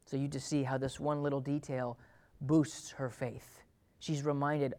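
A man preaching a sermon as pastor to his church, swinging from loud emphatic passages to hushed, intimate asides. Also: medium pitch, flat delivery, unhurried, hardly any pauses.

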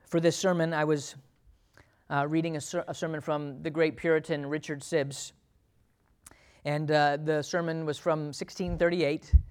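A man preaching a sermon as pastor to his church, swinging from loud emphatic passages to hushed, intimate asides. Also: fairly high pitch.

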